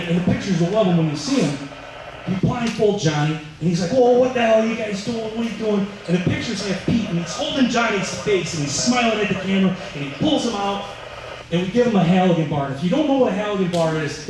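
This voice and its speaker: A firefighter with a fairly high voice tells firehouse stories at a dedication, acting out the other people's voices as he goes. The sound comes from far off in a very echoey hall, with faint noise underneath. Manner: storytelling, acting out voices in quotes. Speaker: firefighter giving a dedication speech. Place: large indoor room at a fire training center.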